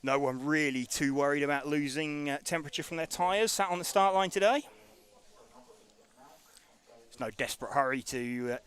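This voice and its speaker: A man with many ums and uhs, commentating on a live race and chatting in a relaxed way. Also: a little high, moderate pace, pauses often, clear, resonant tone.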